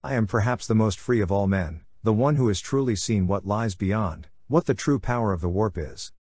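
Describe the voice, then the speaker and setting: A man voicing a scheming, silver-tongued male warlord in an audiobook, smooth and sarcastic with bursts of fury. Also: fairly low pitch, normal speed, a little mellow, no room sound, studio quality, close to an everyday voice. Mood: scornful. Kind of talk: audiobook character voice.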